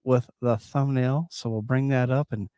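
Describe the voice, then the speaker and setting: A man's voice: medium pitch, steady tone, moderate pace, mellow, clean tone, dry recording, studio quality. A man co-hosting a podcast, bantering casually, laughing often and tripping over his own restarts. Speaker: podcast co-host.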